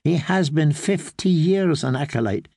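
A man reading the part of a slim young half-Dornish male acolyte who speaks in a soft drawl with an easy, knowing, gently teasing manner. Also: on the high side, lively intonation, unhurried, creaky, no echo, clean studio sound, heavily acted. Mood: wry.

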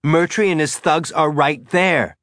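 A man's voice: on the high side, unhurried, fairly bright tone, no echo, pitched above the performer's own voice. A fierce young settler woman, put on by a male storyteller, spits out bitter, sarcastic words in a lifted voice. The reading is close and dry, with no room sound. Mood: furious.

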